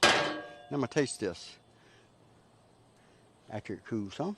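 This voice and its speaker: A man's voice: on the low side, lively intonation, unhurried, heavy background noise. A man talking viewers through his cooking outdoors in a casual, folksy way. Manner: folksy, chatty, talks to viewers as "y'all". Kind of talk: casual cooking video narration.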